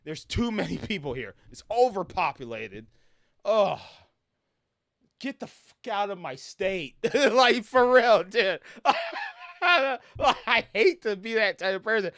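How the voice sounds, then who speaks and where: A man in his thirties from Brooklyn, telling stories in a casual, animated rant with lots of laughter and swearing over gameplay. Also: high-pitched, slow, long pauses, clean tone, no room sound, clean studio sound. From Brooklyn, New York. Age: 30s. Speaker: gaming streamer.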